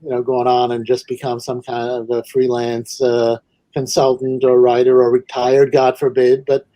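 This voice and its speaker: A man of middle pitch talks things over in a casual interview, thinking aloud and stopping to pick his words. The sound is dry and close, with no room around it. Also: monotone, warm tone, no echo, rough recording. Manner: thoughtful, halting with fillers. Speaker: guest, comics writer and editor.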